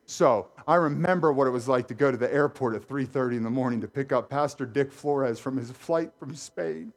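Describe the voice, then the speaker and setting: A middle-aged man preaching a sermon as pastor, animated and jokey, talking straight to his congregation in a church. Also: mid-range voice, fairly quick. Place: church sanctuary.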